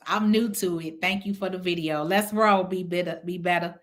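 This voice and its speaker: On her casual livestream, a middle-aged woman from Chicago who invests in real estate responds to viewers in a blunt, profane, animated way. Her lowish voice runs at normal speed with hardly any pauses.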